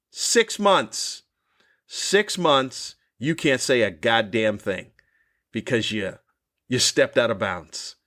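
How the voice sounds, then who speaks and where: A man's voice: medium pitch, a bit bright. A man, a comedian hosting his own podcast, delivering a cranky, profane rant with exasperated, mocking questions. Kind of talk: ranting comedy monologue.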